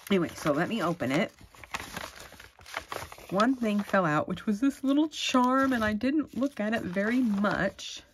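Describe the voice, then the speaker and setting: A middle-aged woman, chatting casually and gushing excitedly as she opens craft mail at home. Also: medium pitch, unhurried, slight background noise. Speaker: crafting vlogger. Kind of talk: casual unboxing chat.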